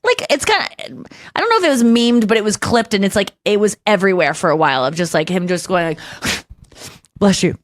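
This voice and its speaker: A woman's voice: mid-range voice, fast, no room sound. A woman hosting a podcast, chatting casually and telling stories with gushing enthusiasm. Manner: animated, gushing storyteller. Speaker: podcast host. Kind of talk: casual chat.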